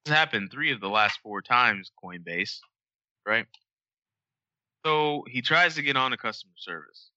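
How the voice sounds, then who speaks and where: A man hosting a podcast, ranting in a casual, animated and profane way. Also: mid-range voice, measured pace, long pauses, no room sound, muffled recording. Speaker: podcast host.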